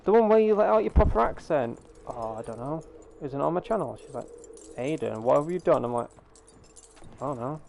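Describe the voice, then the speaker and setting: A man's voice: a little high, lively intonation, a little fast, creaky, darkish tone, a little hiss or hum. Rambling male gamer on a headset mic. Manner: rambling, lots of fillers and restarts. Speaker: gaming streamer. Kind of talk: casual chat over gameplay. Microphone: gaming headset.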